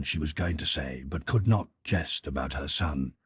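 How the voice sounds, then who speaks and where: A man reads a classic novel aloud as a measured, expressive audiobook narrator. His voice is low and very husky, with a lively, wide-ranging pitch. The sound is close and dry. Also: dry recording.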